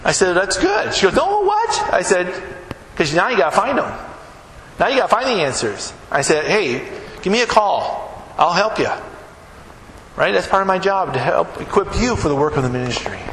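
A man's voice: high-pitched, sing-song, moderate pace, fairly bright tone. A male pastor giving a conversational sermon in a church, acting out quoted exchanges with emphatic rising peaks. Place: church sanctuary. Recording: echoey hall, background noise.

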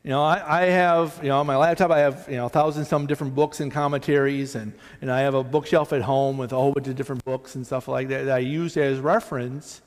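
Talking fast with barely a pause, this pastor delivers his sermon in a steady, mid-range voice. He's conversational and pokes fun at himself, with plenty of restarts and side comments, all carrying a long reverb through the church sanctuary.

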